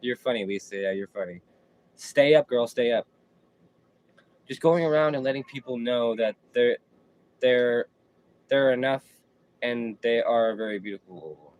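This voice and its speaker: A man's voice: mid-range voice, moderate pace, darkish tone, low-quality recording. Laid-back slangy man streaming. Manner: slangy, laid-back, repeats himself while reading chat. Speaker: livestream host. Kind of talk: casual live-stream chat.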